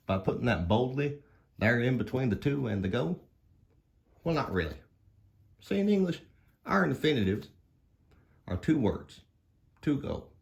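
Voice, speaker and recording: A man's voice: on the low side, gravelly, a little mellow, exaggerated voice. A man voicing a folksy male dog grammar professor, giving an easygoing puppet-show lesson. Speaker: teacher.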